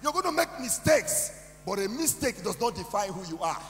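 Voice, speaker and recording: A middle-aged Nigerian man with a very high voice gives a rousing testimony that builds to shouting. He is heard in a large echoing hall with a long reverb. Soft music plays faintly behind him. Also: sing-song, moderate pace. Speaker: speaker at a youth conference. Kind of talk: motivational testimony.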